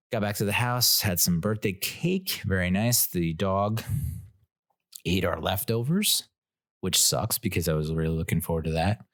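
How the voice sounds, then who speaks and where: A man's voice: low-pitched, fairly bright tone, no room sound, clean studio sound. A man hosting his own podcast, telling a rambling, self-mocking story and laughing at his own jokes. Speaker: podcast host. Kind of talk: casual solo podcast storytelling.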